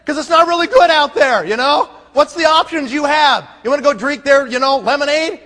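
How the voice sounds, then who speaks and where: A man's voice: very high voice, a little fast, hardly any pauses, sharp tone. A man giving a folksy motivational speech to a live audience, punchy and full of rhetorical questions. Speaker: network marketing leader. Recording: long hall reverb.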